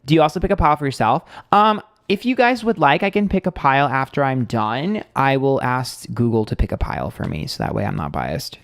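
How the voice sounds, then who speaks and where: A man's voice: medium pitch, lively intonation, a little fast, few pauses. A man in his thirties with a New York accent, chatting on a live stream and reading viewer comments aloud. He talks loosely and candidly, swearing freely, with plenty of fillers. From Queens, New York. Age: 30s. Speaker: psychic tarot reader streaming live.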